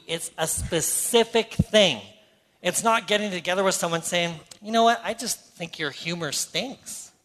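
A man's voice: sits high, a bit bright. A middle-aged Canadian man preaching a sermon, earnest and conversational with playful asides. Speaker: pastor. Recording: hall reverb.

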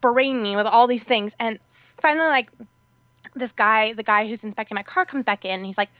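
A woman co-hosting a podcast, telling a story in a casual, animated way, filling her speech with "like" and acting out what people said. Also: a little high, a little fast, no room sound. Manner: animated, peppers speech with "like", acts out quotes. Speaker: podcast co-host. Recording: tinny phone-like dry sound.

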